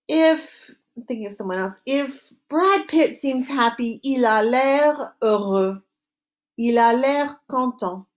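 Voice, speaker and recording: Clear woman teaching slowly. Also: fairly high pitch. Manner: slow, clear modeling of phrases for repetition. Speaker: French teacher. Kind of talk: recorded classroom lesson.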